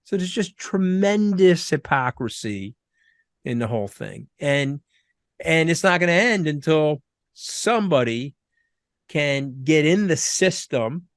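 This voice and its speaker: A middle-aged man from Long Island, talking as an interview guest in an animated, emphatic, rapid-fire way. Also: fairly high pitch, no echo, clean studio sound. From Long Island, New York. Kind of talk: conversational interview.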